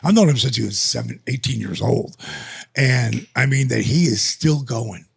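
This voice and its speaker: An older man as a podcast guest, telling stories in a casual, animated way and acting out the conversations. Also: medium pitch, moderate pace, creaky, slightly rough. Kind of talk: casual storytelling. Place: lives in the US.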